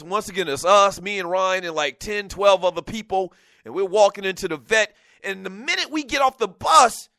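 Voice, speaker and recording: A male sports radio host tells a story in a loose, animated way from a studio. His voice sits high and sounds bright. The sound is dry and close, with little room on it. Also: no room sound. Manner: loose, animated, self-promoting plugs. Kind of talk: casual storytelling talk show.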